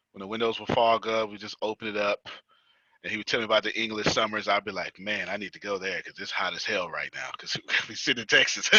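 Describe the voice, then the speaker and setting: Bright-voiced American man, teasing and lively. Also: medium pitch, no room sound, highs cut off. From United States. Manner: lively, teasing, laughs often, repeats himself. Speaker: business coach hosting a group call. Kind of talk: casual teaching chat.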